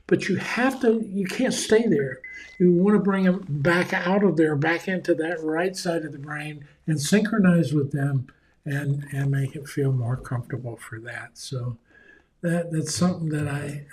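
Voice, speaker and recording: A man's voice: a little high, darkish tone. Folksy man giving a leadership talk. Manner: folksy, acts out quoted voices, chuckles. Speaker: leadership speaker. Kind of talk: conversational seminar talk.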